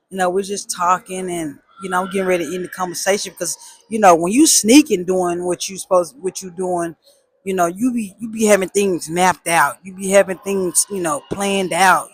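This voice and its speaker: Woman telling a story, hyped and slangy, kinda husky, dry sound. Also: medium pitch, no room sound. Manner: animated, emphatic repetition, slangy. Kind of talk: casual personal storytelling.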